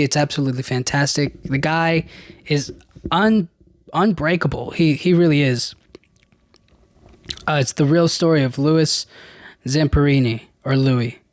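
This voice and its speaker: A man's voice: on the high side, no echo, studio quality. A man hosting his own podcast, chatting casually and rambling through a list with lots of restarts and casual slang. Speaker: podcast host. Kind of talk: casual solo podcast chat.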